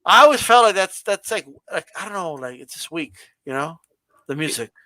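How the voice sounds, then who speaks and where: A man's voice: sits high, very animated, brisk, pushed and bright. A man co-hosting a casual wrestling debate, talking animatedly with lots of "like" and "bro" and mocking stiff scripted delivery.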